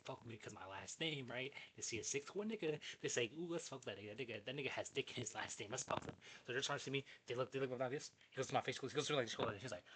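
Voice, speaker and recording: A young man telling a story in a casual, animated, profane way, jumping between asides. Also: mid-range voice, a little hiss or hum. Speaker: vlogger.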